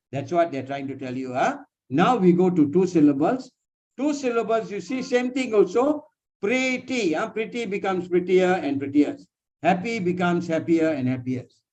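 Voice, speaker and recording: A man's voice: high-pitched, darkish tone. Patient male tutor, lo-fi call audio. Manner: patient, repeats "huh?" and "you see" to check understanding. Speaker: English tutor. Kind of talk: one-on-one online lesson. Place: personal meeting room, indoors. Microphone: video call. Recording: dull lo-fi video call audio.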